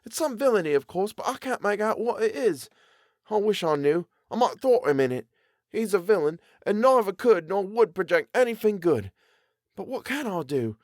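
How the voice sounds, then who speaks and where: A man's voice: high-pitched, big pitch swings, moderate pace, no room sound, studio quality, voice pushed up. A man voicing a dejected young male barber's apprentice in an audiobook, gloomy and sarcastic. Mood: brooding. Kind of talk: audiobook character voice.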